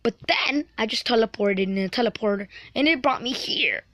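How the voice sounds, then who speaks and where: A woman voicing a hot-headed male cartoon bird in a fan toy role-play, in an excited, emphatic manner. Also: a little high, moderate pace, no room sound, clean studio sound, natural voice.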